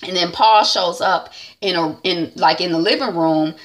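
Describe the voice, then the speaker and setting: Middle-aged woman vlogger, relaxed and chatty, recounts scenes with um and you know. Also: fairly low pitch, normal speed. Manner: chatty, acts out scenes with many fillers. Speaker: TV recap vlogger. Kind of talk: casual episode recap.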